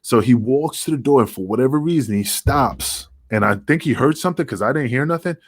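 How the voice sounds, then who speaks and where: A man's voice: medium pitch, fairly quick, dry recording, studio quality. A middle-aged man, a podcast guest, telling a story casually with heavy swearing, acting out the dialogue as he goes. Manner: profane, animated, acts out dialogue.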